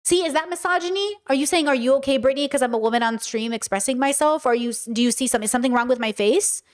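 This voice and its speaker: A woman's voice: high voice, fast. A woman streaming live commentary, talking passionately and emphatically and answering her chat.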